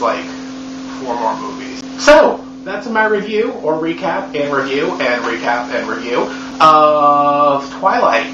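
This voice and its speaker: A man giving a comedic movie recap in a profane, sarcastic, rambling way. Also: medium pitch. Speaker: movie reviewer. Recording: echoey room, dull lo-fi sound with hum.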